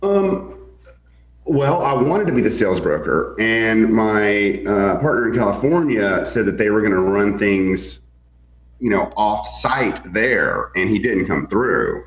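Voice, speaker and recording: A man's voice: lowish voice, sing-song, measured pace. A man who works as a real estate broker, telling stories as a guest in a casual interview with many fillers and restarts. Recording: echoey, dull lo-fi sound.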